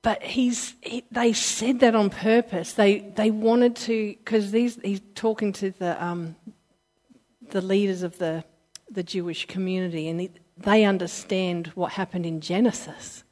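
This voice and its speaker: A woman from Britain or Australia preaches in a slow, unhurried way. She sounds earnest and emotional, stops to restart her sentences, and slips into the voices of the people she quotes. Her voice sits at a middle pitch for a woman. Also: steady tone, darkish tone. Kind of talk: informal sermon.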